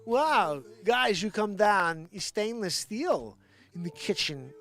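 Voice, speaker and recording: A man doing an impression of a celebrity as a realtor, giving a house tour with halting, oddly stressed phrasing. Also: sits high, expressive, bright, forceful tone, soft background music, exaggerated voice. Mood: showy. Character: middle-aged male realtor, slow odd celebrity cadence.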